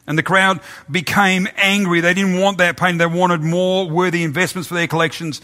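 Bright-voiced man telling a sermon story. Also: high-pitched, level tone. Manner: halting, repeats words. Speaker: preacher.

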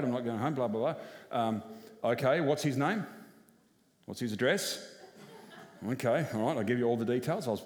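A man's voice: medium pitch, darkish tone. A man, a senior pastor telling a personal story in a frank, conversational way during a sermon. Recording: echoey church hall.

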